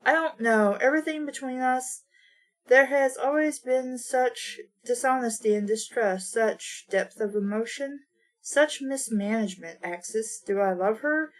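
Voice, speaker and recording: A woman reading aloud, voicing a weary nobleman who is torn between two women, in a slightly lowered voice. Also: unhurried, natural voice.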